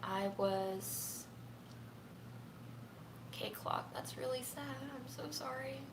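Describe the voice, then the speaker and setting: Soft-spoken grieving young woman. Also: high-pitched, noisy background. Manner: soft, halting and tearful, often near a whisper. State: grieving, close to tears. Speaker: vlogger. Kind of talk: personal livestream talk. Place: home room. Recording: echoey room with faint ambience.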